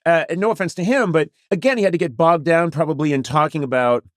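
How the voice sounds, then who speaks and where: A man's voice: fairly high pitch, fast, dry recording, clean studio sound. A middle-aged man hosting a podcast, chatting in a rambling, self-mocking comedic way with jokey asides. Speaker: podcast host. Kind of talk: casual comedic chat. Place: Los Angeles podcast studio.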